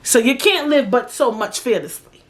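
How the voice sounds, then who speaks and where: Podcast host, young woman from New York, casual and profane, pitched a bit high. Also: moderate pace. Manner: animated, profane, slangy storytelling. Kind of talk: casual storytelling monologue.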